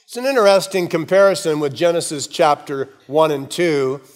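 A male pastor preaching a sermon, slowing down to give quoted words dramatic weight and joking with the congregation in asides. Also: a little high.

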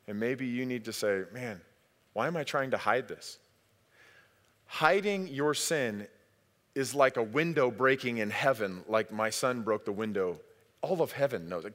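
A middle-aged male pastor preaching a sermon, lively in his storytelling and acting out family voices. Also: mid-range voice. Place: church sanctuary. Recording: long hall reverb.

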